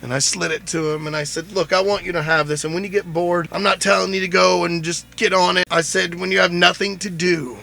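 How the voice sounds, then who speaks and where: A man's voice: sits high, steady tone, brisk, gravelly, few pauses, bright, forceful tone. A man hosting his own show, telling a story in a chatty, rambling, joking way. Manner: chatty, rambling, jokey retelling with many "I said". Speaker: podcast host. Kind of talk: casual storytelling monologue.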